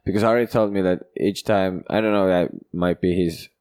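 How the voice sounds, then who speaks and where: Deep-voiced man, dry close sound. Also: steady tone, normal speed, a little mellow, clean tone, no echo. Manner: hesitant, full of fillers and agreeing yeahs. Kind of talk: casual chat.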